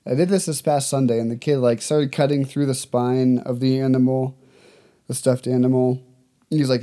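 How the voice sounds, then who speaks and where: A man's voice: medium pitch, brisk, warm tone. A man teaching the Bible in a casual, conversational way, reading passages aloud and then explaining them with loose fillers.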